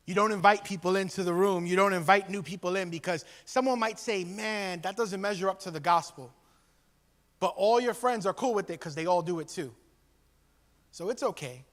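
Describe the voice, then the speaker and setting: A man's voice: high-pitched, fairly quick, a bit bright. A man preaching a conversational sermon as pastor, acting out quoted voices along the way. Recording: long hall reverb.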